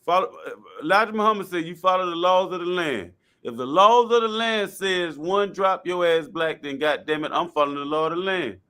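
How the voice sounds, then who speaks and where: Man, fairly high voice, blunt slangy talker who repeats himself for emphasis. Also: animated, a little fast, hardly any pauses, sharp tone, clean tone. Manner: blunt, colloquial, repeats points. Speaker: guest speaker. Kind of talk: casual discussion.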